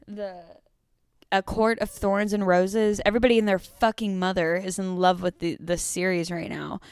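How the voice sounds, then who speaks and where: A woman's voice: mid-range voice, smooth, no room sound, studio quality. A young woman hosting a solo podcast, chatting casually with lots of fillers and swearing freely. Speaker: podcast host.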